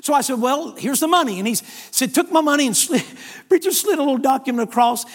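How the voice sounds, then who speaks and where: A man's voice: very high voice, fast talker, husky. A middle-aged male evangelist from the United States telling a story in a sermon, acting out both sides of the conversation. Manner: animated storyteller acting out dialogue. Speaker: evangelist preacher.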